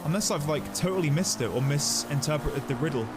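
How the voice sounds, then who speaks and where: A man streaming a video game live, chatting casually with his viewers, animated and quick to laugh at himself. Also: on the high side, heavy background noise. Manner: animated, laughs often, self-deprecating asides to chat. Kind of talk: casual live gaming commentary.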